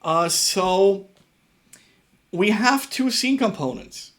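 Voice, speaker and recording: Young German-accented man, slightly high voice, casual halting live-coding tutor. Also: lively intonation, a bit bright. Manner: halting, repeats words, thinks aloud while working. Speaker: livestream programming tutor.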